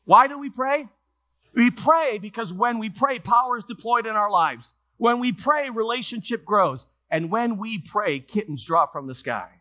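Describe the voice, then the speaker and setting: A man pastor delivering a sermon, telling a story with lively acted voices in a church. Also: high voice, moderate pace. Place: church sanctuary.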